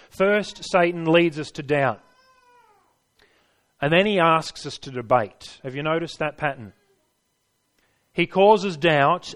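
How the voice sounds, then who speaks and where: A man's voice: on the high side, fairly bright tone. A man preaching a sermon, stressing his points and putting rhetorical questions to his listeners.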